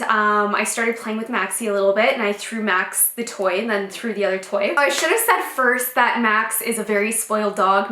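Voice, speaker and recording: Young woman vlogging, chatty storytelling, bright slightly high voice. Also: roomy sound. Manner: chatty, animated, many fillers and acted-out quotes. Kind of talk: casual storytelling to camera.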